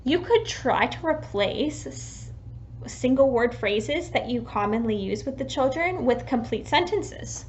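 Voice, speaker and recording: A woman giving patient, clear tips in an instructional video on talking with young children. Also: high-pitched, a little slow, a little hiss or hum. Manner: patient, clear explaining with lively sample phrases. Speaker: early childhood educator.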